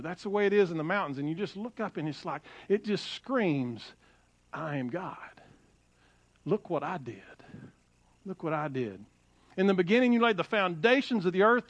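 A middle-aged man preaching a sermon, animated and repeating phrases as he quotes scripture. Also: sits high, no echo. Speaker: pastor.

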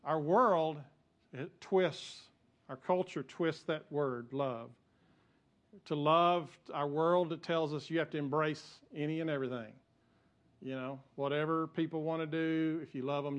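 A male pastor, preaching a sermon in a conversational way that builds to emphatic peaks. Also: fairly high pitch.

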